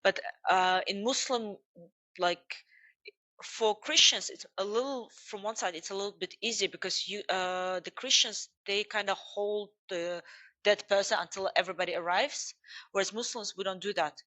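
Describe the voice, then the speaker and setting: Woman from Uzbekistan, thirties, podcast guest; mid-pitched, candid storyteller who restarts her sentences. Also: moderate pace. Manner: candid, lively retelling with frequent restarts and fillers. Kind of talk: personal storytelling interview.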